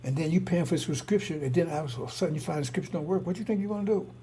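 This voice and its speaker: A man's voice: a little high, racing, dark tone, a little hiss or hum. A man giving an informal religious talk, rambling and repetitive, full of rhetorical questions. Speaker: preacher.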